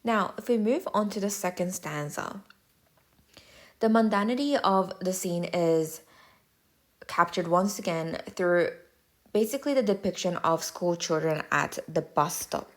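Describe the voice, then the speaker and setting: A woman tutor giving a measured, clear, step-by-step explanatory voice-over lesson. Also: fairly low pitch.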